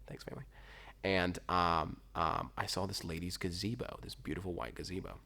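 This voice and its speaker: Young man, earnest storyteller, lively intonation, gravelly. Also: sits low. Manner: earnest, sincere, halting with fillers. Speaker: groom-to-be telling the proposal story. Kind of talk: casual storytelling.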